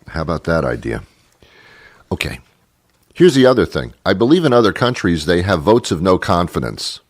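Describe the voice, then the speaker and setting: Deep sarcastic talk show host, a man. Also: big pitch swings, normal speed, pauses often, no echo, clean studio sound. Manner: sarcastic, rambling, laughs often. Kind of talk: casual monologue.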